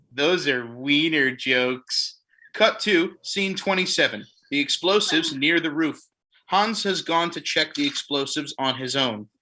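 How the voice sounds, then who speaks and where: A man reads stage directions aloud for a comedic staged play, with dry, deadpan asides. His voice is very bright, forceful and fairly high. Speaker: narrator reading stage directions.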